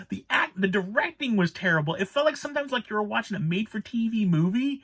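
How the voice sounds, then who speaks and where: A man's voice: sits high, animated, quick pace, hardly any pauses, a bit bright, slightly rough. A man giving a casual spoken movie review, rambling and exasperated, restarting his sentences as he rants.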